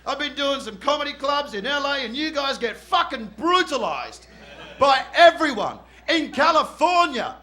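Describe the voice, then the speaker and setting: Man, Australian accent, stand-up comic, very high voice, sharp bright tone, loud, brash, swearing, live club stage. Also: sing-song, normal speed. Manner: loud, brash, profane, often shouting and laughing. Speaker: stand-up comedian. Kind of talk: stand-up comedy set.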